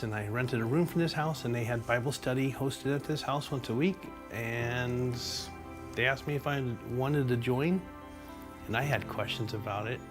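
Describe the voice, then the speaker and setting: A man sharing his personal testimony of faith in a reflective, halting way, restarting his sentences now and then. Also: mid-range voice. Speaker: church member giving testimony. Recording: music bed under the voice.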